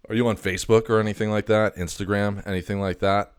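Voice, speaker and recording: A man's voice: on the low side, little pitch movement, fast, clear, resonant tone. A man hosting a comedic casual chat, stammering, cursing and sounding exasperated. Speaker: video host.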